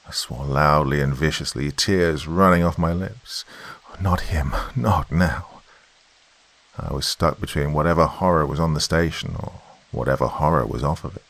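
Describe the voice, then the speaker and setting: Male horror narrator, very deep, gravelly, dramatic delivery. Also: measured pace, a bit bright, dry recording.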